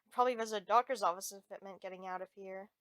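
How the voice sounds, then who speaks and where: A woman's voice: medium pitch, fairly even intonation, rapid-fire, a bit bright, dry recording, lightly acted. Woman reading as Jaxie, a sarcastic rabbit boy. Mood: bored. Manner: sardonic, teasing. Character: sarcastic teen male jester-rabbit student.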